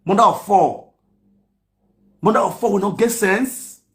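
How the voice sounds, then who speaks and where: A man with a Nigerian Pidgin accent ranting and mocking people on a live stream, often shouting. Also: high-pitched, a little slow, roomy sound, slight background noise.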